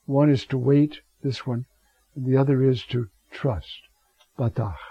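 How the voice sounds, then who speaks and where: Preacher, male, unhurried and a bit raspy, rambling Bible teaching with rhetorical questions, dry close sound. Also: medium pitch, little pitch movement, warm tone, no room sound. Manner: digressive, with rhetorical asides and Hebrew words. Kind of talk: scripture teaching sermon. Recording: dull lo-fi recording.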